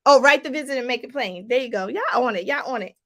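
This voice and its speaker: A woman with a high, bright voice coaches her viewers in an animated, preachy way. She keeps addressing them as y'all. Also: fast. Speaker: life coach. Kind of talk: motivational livestream talk.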